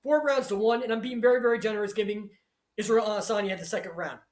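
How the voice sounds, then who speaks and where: High-voiced man calling a fight, foul-mouthed. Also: quick pace, roomy sound. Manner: crude, loud, hyped, swears constantly. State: shouting with excitement. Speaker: live stream commentator. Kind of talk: profane live fight commentary and chat reading.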